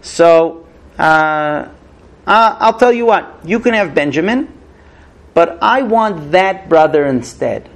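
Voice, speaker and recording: A man's voice: fairly high pitch, lively intonation, takes it slowly. A man voicing Yosef, a powerful ruler bargaining with his brothers, in a casual conversational way with fillers.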